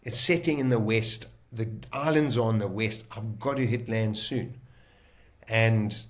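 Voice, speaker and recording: Man vividly retelling a survival story. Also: on the low side. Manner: vivid, emotional, halting with restarts. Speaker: guest telling his survival story. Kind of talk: casual storytelling.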